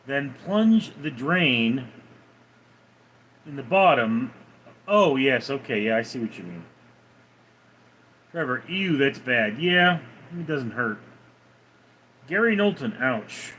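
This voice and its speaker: A man's voice: medium pitch, big pitch swings, takes it slowly, pauses often, a bit bright, a little hiss or hum, poor audio. A man hosting a casual livestream, laid-back as he answers viewers' chat messages one by one. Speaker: livestream host reading chat.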